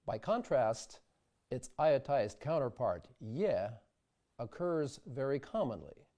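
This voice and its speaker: Guy explaining pronunciation real slow and careful, warm low-key tone. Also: big pitch swings. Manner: careful, deliberate demonstration of vowel sounds. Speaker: diction instructor. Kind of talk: scripted instructional narration.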